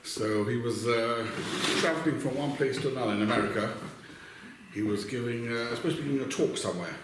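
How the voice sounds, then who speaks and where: A man teaches a casual Torah class to a small group, telling a story before going through Jewish law, speaking haltingly with many restarts and Hebrew terms. His voice is medium-pitched, and the recording is very echoey with heavy background noise.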